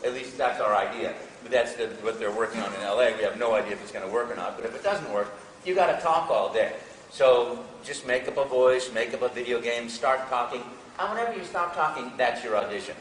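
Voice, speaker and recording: An older man tells lively, rambling anecdotes to a live audience and keeps cutting in on himself. His voice sits at a middle pitch. The sound is distant and echoey, with a long hall reverb. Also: fairly quick, slight background noise. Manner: animated, self-interrupting anecdotes. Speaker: voice actor, panel guest. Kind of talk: storytelling on a live panel.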